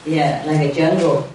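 Brief: lower-pitched woman, lively storyteller, recorded from afar in a reverberant room. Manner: animated, broken English, gestures while telling. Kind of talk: casual chat. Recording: echoey room, distant mic, faint noise.

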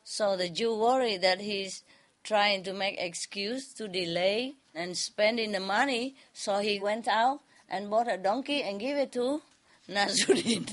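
A woman storyteller tells a folk tale to a group in relaxed, conversational English. She speaks slowly, in a mid-pitched voice, and often chuckles between lines.

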